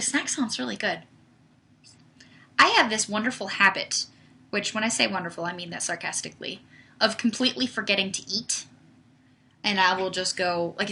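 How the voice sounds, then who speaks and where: This young woman's voice is on the low side yet bright, with a forceful tone, and slight background noise can be heard. Hosting a casual livestream, she chats through viewer questions, using "like" and "um" constantly.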